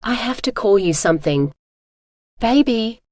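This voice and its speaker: A woman's synthetic voice reading a quiet, teasing young man. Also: a little slow, no echo, clean studio sound. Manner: low, calm and teasing. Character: young male captive-keeper, quiet and teasing.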